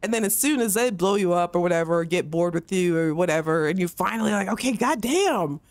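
A woman's voice: on the low side, fast talker, dry recording. A woman game streamer on a close mic, ranting heatedly and with plenty of swearing during a livestream, often mocking others in put-on voices. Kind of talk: livestream rant while gaming.

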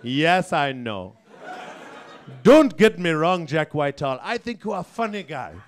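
In a fairly high voice, a man plays a smug, bigoted male elephant with a South African accent. His admissions come out slow, stiff and deadpan.

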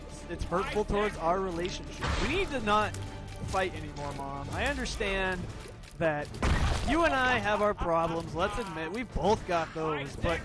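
A man's voice: sits high, expressive, normal speed. A young man giving goofy, rambling let's-play commentary, talking back to the game. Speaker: gaming video host. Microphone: desk microphone. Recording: music playing under the voice.

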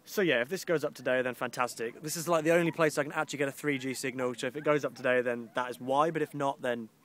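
A man's voice: mid-range voice, steady tone, quick pace. Rambling young man outdoors. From English Midlands. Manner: rambling, grumbling and sarcastic, with mock posh voices. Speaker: vlogger. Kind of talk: casual outdoor vlog. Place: outdoors by the coast.

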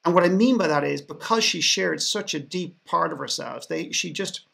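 Gravelly-voiced Irish man telling a story. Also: on the high side, moderate pace, fairly bright tone. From Ireland. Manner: sarcastic, with frequent restarts. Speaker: podcast guest. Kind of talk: storytelling in a panel conversation.

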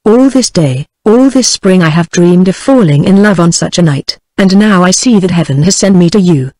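A British woman reading a formal young Russian gentleman. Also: lowish voice, expressive, moderate pace, no room sound, lightly acted. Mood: earnest. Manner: formal, earnest speech.

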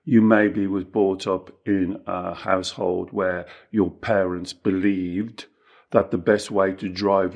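A man co-hosting a self-help talk, speaking emphatically and acting out inner voices. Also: lowish voice. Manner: emphatic, acts out inner voices, repeats himself. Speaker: teacher and podcast co-host.

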